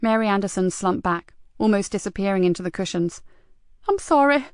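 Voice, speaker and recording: A woman reading a crime novel aloud as the audiobook narrator, in a steady, even way. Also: medium pitch, fast talker, smooth, no echo, clean studio sound. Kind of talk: scripted narration.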